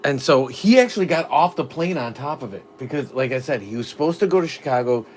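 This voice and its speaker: A man's voice: medium pitch, expressive, fast, slight background noise. A middle-aged father chatting casually on a family live stream, a rambling storyteller full of "like" fillers.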